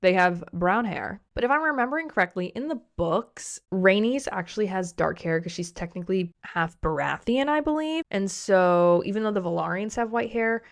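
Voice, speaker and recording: A young woman giving a casual, gossipy recap of a TV series, swearing freely and acting out the characters' lines in quick asides. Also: medium pitch, lively intonation, vocal fry.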